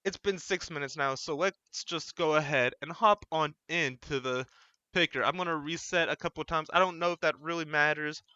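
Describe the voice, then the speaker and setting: A man hosts his own channel, talking in a loose, rambling way and often correcting himself. His voice is bright and smooth. The recording is dry and a little dull, made on a desk mic at home. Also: on the high side, brisk, no echo. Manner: rambling, self-correcting, relaxed. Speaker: channel host. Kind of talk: casual solo vlog chat. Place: home room with a fan running.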